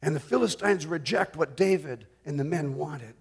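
A man's voice: a little high, moderate pace, husky. A middle-aged man preaching a sermon, reading scripture and retelling it expressively, joking with his listeners. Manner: expressive, rising and falling in volume, jokes with the audience.

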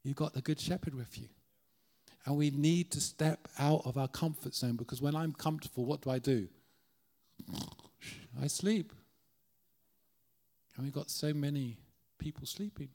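A man's voice: on the high side, moderate pace, long pauses, dark tone. A middle-aged Irish man preaching as a guest speaker in a church, earnest and conversational, often restarting his sentences. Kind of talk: sermon.

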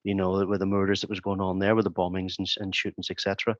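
A man's voice: low-pitched, completely flat delivery, quick pace, dry recording. A man and former crime scene investigator, talking casually in an interview, hesitant with many ums and restarts. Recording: dull, dry sound.

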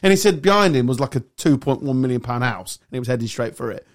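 A man's voice: mid-range voice, fast. A man hosting a podcast, ranting and joking casually with friends. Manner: animated ranting, swearing and laughing. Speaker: podcast host.

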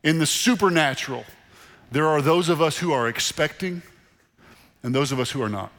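A middle-aged man preaching a sermon to a church congregation in a conversational, animated way, repeating phrases for emphasis. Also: fairly high pitch, moderate pace. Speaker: pastor. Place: church sanctuary. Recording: long reverb of a large hall. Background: congregation in the room.

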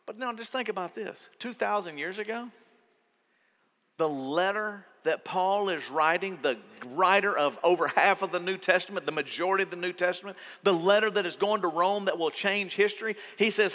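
A bright, high-voiced pastor preaches with lively swings in pitch. His voice rings with a long church hall reverb as he animatedly acts out the voices of worried listeners. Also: moderate pace. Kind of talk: sermon. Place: church auditorium.

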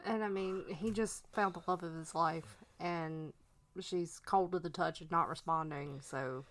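Low-voiced woman chiming in with questions. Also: unhurried, a bit bright. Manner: short reactive questions and comments. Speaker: podcast co-host. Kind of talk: casual true crime podcast chat.

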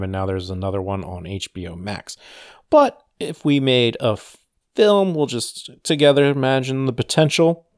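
A man's voice: mid-range voice, clean tone, dry recording, clean studio sound. A man hosting a podcast alone, chatting casually with wry, rambling, sarcastic asides. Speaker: podcast host. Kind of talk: casual solo podcast chat.

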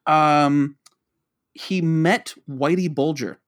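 Speaking very slowly in a fairly high-pitched voice, a Boston-area man co-hosting a podcast spins a long, rambling casual story, performing the lines of dialogue he quotes.

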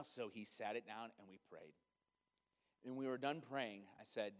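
A man preaching a sermon, telling a story animatedly, dropping to a hush and then rising to loud exclamations. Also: fairly low pitch, moderate pace. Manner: animated, swings from hushed to loud. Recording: long reverb of a large hall.

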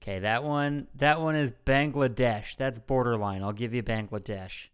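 Brief: male podcast host, smooth clear voice, brash jokey banter, cusses a lot. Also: mid-range voice, moderate pace. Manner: brash, joking, swears freely.

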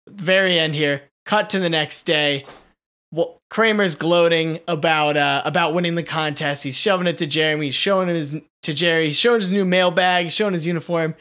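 Man co-host with a bright, fairly high voice, telling a story with energy and lots of casual fillers. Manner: animated storyteller, many fillers and quick asides. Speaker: podcast co-host. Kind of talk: casual retelling of a pitched TV episode.

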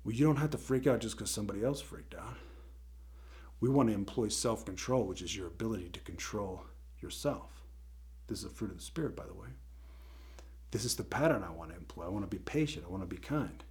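A man's voice: on the low side, a little fast, a little mellow. A man hosting a faith-based teaching show gives a motivational talk in a conversational, emphatic way, often checking in with his listeners.

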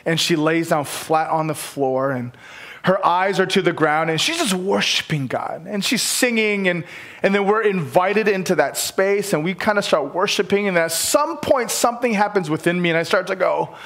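Higher-pitched man preaching a sermon. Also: normal speed. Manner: soft and hushed in prayer, animated when telling stories; casual, with fillers and restarts. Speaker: guest pastor. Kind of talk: sermon with prayer and scripture reading.

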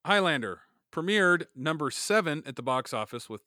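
A man's voice: a little high, animated, moderate pace, sharp tone, no echo, studio quality. A man co-hosting a movie podcast, reading out film facts in casual chat and joking between them. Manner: jokey, laughs between facts. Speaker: podcast co-host.

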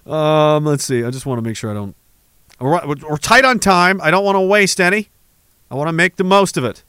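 A man's voice: fairly high pitch, normal speed, sharp tone, clear, resonant tone, no echo. A man hosting a livestream, reading chat messages aloud in a rambling, profane, sarcastic way.

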